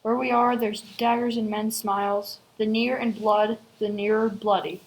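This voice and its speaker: A woman playing a frightened, wary young prince, reciting quietly in a school stage play. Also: mid-range voice, flat delivery, unhurried, close to an everyday voice, low-quality recording.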